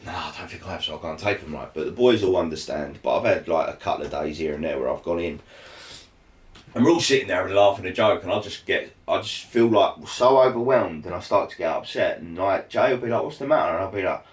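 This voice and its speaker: Guest, male, low-pitched, open and easygoing, recorded off-mic in an echoey room. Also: quick pace, distant mic. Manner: candid, laid-back. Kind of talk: casual chat.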